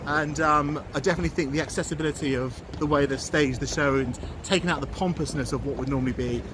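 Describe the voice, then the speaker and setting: A man's voice: fairly high pitch, fairly even intonation, quick pace, background noise. A man giving a casual vlog review of a theatre show, talking in a rambling, chatty way with frequent restarts. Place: outdoors walking uphill, then in a car.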